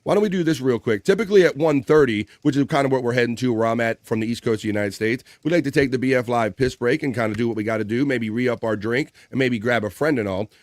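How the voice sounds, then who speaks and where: Chatty upbeat guy hosting a live stream, mid pitch, dry close sound. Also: quick pace, few pauses, dry recording. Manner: upbeat, reads viewer chat aloud. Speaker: livestream host. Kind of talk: casual live-show chat. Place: home studio.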